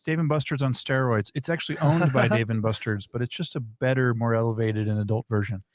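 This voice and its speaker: A man's voice: mid-range voice, brisk, dry recording, studio quality. A man appearing as a food-writer guest on a radio show, speaking matter-of-factly. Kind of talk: studio banter. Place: radio studio.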